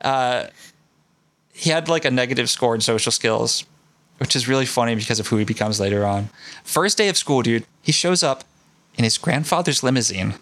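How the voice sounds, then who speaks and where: A man hosts a podcast and tells a story in loose, profane, excited chat. His voice sits in the middle range. The sound is dry and close, with no room echo. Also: mid-range voice, normal speed. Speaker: podcast host.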